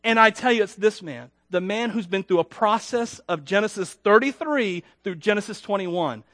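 In an animated sermon at normal speed, a pastor with a high-pitched voice jokes at his own expense and frequently poses questions to his listeners. He alternates loud, punched words with softly dropped endings. The recording is close and dry, with no echo.

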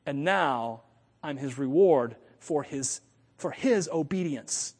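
An American man preaches with a high, lively voice, thinking out loud and often catching and correcting himself. His delivery is animated, and a long hall reverb trails every phrase. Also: takes it slowly, breathy edge. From United States. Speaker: pastor. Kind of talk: sermon.

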